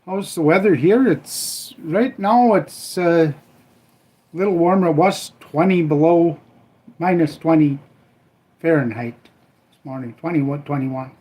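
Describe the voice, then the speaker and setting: A rambling older man from Minnesota hosts a casual live stream. His voice sits a little high for a man, and he keeps trailing off with a shrug of uncertainty while he cooks. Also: a little slow, pauses often, dark tone. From Minnesota, USA. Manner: rambling, folksy, trailing off with "I don't know"; cooking while he talks. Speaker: livestream host.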